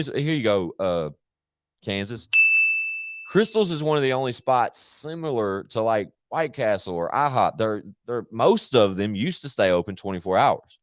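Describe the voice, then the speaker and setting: A man's voice: fairly low pitch, sing-song, moderate pace, dry recording, clean studio sound. A man chatting casually on his live stream, rambling, slangy and full of swearing.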